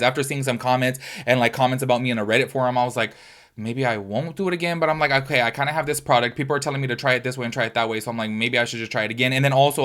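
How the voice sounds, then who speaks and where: A chatty young man talking straight to his viewers in a casual vlog. He talks fast and runs on, and his voice sits at an ordinary middle pitch. He calls his audience y'all. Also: a bit bright. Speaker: beauty YouTuber.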